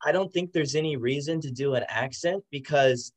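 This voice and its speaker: A man's voice: medium pitch, moderate pace, a little hiss or hum. A man co-hosting a film podcast, stating opinions in casual chat, then hedging and asking for agreement. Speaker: podcast co-host.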